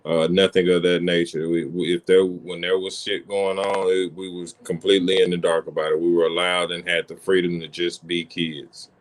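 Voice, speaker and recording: Deep, flat-voiced reflective father. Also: moderate pace, few pauses. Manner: thoughtful, reflective, with frequent restarts. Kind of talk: casual conversation.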